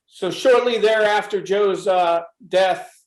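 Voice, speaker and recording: A middle-aged man from the USA gives a frank, emphatic personal testimony. His voice sits high for a man. The recording carries a noticeable room echo. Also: slow. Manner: intense, emphatic storytelling. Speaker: speaker at a club presentation.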